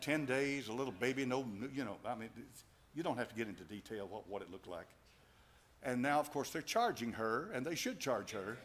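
A man preaching a sermon as pastor, repeating phrases for emphasis and swinging between hushed asides and loud, fervent calls. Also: medium pitch, expressive, a little fast.

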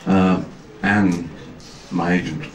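A man, a guest actor at a fan convention, telling self-deprecating anecdotes on stage with halting restarts. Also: sits low, steady tone. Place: large hall with audience. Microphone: far camera, amateur video. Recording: echoey hall from far off, noisy amateur video.

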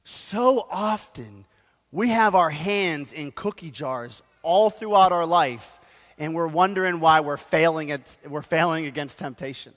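A man's voice: fairly high pitch, unhurried, fairly bright tone. A man preaching a sermon as pastor, telling stories with self-deprecating asides and urging the congregation. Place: church sanctuary. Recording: long church hall reverb.

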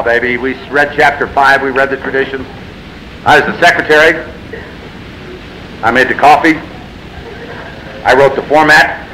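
A man's voice: on the high side, background noise. A man speaking at a recovery meeting, telling his story in a blunt, self-mocking way that swings between wry and exasperated. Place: meeting room.

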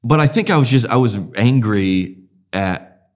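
A comedian as interview guest, talking in a rambling, animated way and acting out voices in his stories. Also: mid-range voice, unhurried. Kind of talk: casual interview storytelling.

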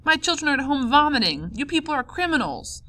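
A woman voicing a hungry village man who shouts angry accusations in an audiobook. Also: high voice, sing-song, a little fast, voice pushed up, exaggerated voice. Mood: furious. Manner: accusing, raised voice.

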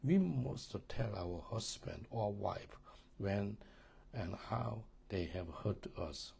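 A man teaching a church marriage course, earnest and halting, often repeating words and asking listeners if they understand. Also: on the low side, expressive, vocal fry, warm tone, breathy edge.

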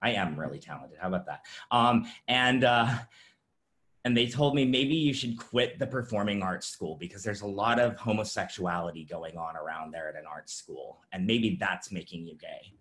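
Man, low voice, halting and filler-heavy, telling his own story at an online summit. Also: a bit bright. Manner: halting, many fillers and restarts. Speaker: presenter sharing his story. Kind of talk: personal testimony talk. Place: virtual summit presentation.

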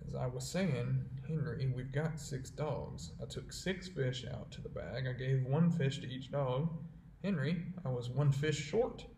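A man reading the part of Bill, a worried frontier sled driver who speaks in rough dialect and insists gravely on what he saw. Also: medium pitch, measured pace, dark tone, a little hiss or hum, lightly acted. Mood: uneasy. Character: weary frontiersman Bill, uneasy trail man. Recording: roomy echo.

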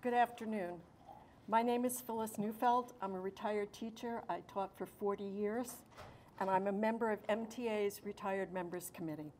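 A retired teacher, an older woman, reading a prepared statement at a briefing in a measured, emphatic way. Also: mid-range voice, fairly even intonation, a little mellow, slight background noise.

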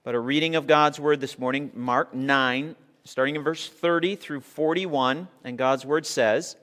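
A man's voice: medium pitch, unhurried, fairly bright tone. A man preaching a sermon to his congregation, reading scripture aloud and leading them in a call-and-response cheer. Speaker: pastor. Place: church sanctuary. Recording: long reverb of a church hall.

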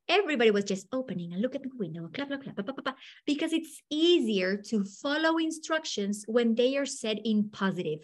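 A middle-aged woman leads a live online teacher workshop over a video call, her voice sitting a little high. She speaks in an animated, upbeat way and coaxes her audience along. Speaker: teacher trainer leading a workshop.

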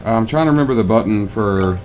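Deep-voiced man doing a casual let's play, voicing the game text with offhand asides, faint music behind. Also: expressive, fairly quick, darkish tone. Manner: casual, swears, self-deprecating asides. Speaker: gaming channel host voicing a playthrough.

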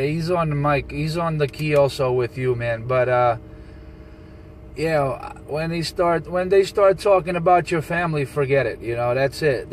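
A man with a New Jersey accent teases a rival over CB radio in a calm, mocking way. His voice sits fairly high, and there is a faint hiss under it. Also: rough recording. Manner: taunting, laughing, calm and teasing. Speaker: CB radio operator recording his channel. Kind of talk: casual radio banter, mocking.

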